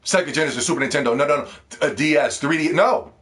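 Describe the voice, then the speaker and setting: A man's voice: a little high, quick pace, a bit bright. A man ranting to the camera about games, heated and profane, repeating words when worked up. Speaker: gaming video host. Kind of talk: ranting video commentary.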